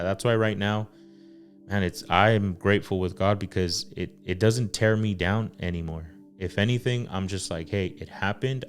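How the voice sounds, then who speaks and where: Earnest deep-voiced man hosting a faith talk. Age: adult father. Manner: earnest, full of fillers and pauses. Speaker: podcast host. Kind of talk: casual faith-based talk.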